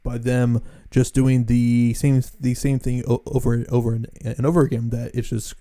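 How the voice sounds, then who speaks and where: A man co-hosts a casual podcast in a mid-pitched voice with a very dark, mellow tone. He stammers and repeats words as he builds his argument. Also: little pitch movement, normal speed. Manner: stammering repetitions when making a point. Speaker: podcast co-host.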